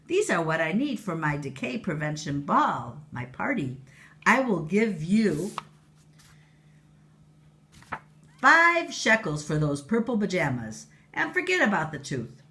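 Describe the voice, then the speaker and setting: A woman's voice: very animated, a little slow, slight background noise, full character voice. A woman voicing a greedy, shrieking tooth queen while reading a storybook aloud, bossy and demanding. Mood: scheming. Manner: shrill, bossy, shouting commands.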